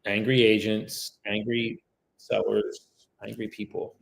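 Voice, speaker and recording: Slow, monotone and gravelly, a fairly low-pitched man livestreams his real estate cold calls with commentary, talking casually to viewers between calls and becoming polite and warm with prospects. The audio is poor, and his sentences often trail off and restart.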